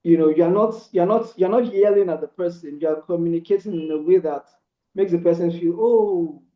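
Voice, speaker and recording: A man with a slightly high voice talks through relationship advice in an earnest, casual way. He keeps reaching for "you know" and restarting his sentences. The recording sounds roomy and a little dull. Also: fairly quick.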